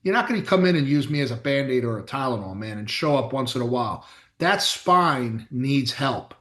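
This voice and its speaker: A man's voice: mid-range voice, expressive, normal speed, a bit bright. A middle-aged man, a chiropractor co-hosting a casual chat, telling blunt, emphatic stories with some mild swearing. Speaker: chiropractor, podcast co-host. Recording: echoey room.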